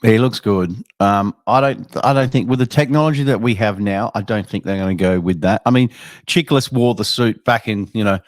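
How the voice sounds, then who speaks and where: A man's voice: on the low side, moderate pace, no echo. A man hosting a casual weekly movie news show, upbeat, often chiming in with short agreeing replies. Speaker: host. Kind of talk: casual chat.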